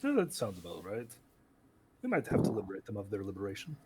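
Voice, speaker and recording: A man's voice: on the low side, huge pitch swings, fast talker, noisy background. A man playing a tabletop game, talking loosely with lots of fillers and casual swearing. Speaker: player.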